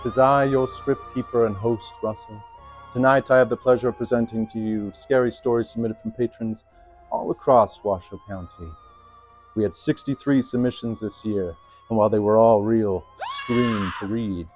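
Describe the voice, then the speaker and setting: A man's voice: mid-range voice, a little mellow, close to an everyday voice. A man playing a theatrical spooky host. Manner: theatrical, mock-sinister. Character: spooky male script keeper host.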